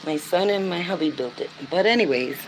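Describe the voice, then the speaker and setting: An older woman vlogs casually to the camera in a lowish, expressive voice at a brisk pace, with noise in the background. She comes across as chatty and earnest and uses filler words frequently.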